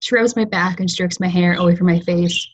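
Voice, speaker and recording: Calm woman reading her short story. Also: lowish voice, brisk, poor audio. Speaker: fiction writer reading her work. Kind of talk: literary reading. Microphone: video call.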